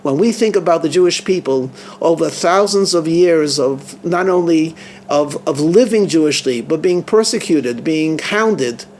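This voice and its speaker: A man, a rabbi, telling a story in an earnest, halting manner, often restarting his phrases. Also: on the high side, animated, a little mellow, a little hiss or hum. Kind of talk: storytelling sermon.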